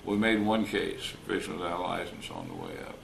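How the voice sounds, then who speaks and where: An older retired wildlife officer telling folksy stories in an interview, acting out the voices of the people in them. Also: male voice, sits low, huge pitch swings, brisk, creaky. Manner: folksy, anecdotal, acts out quoted dialogue. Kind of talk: storytelling interview. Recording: roomy recording with faint noise.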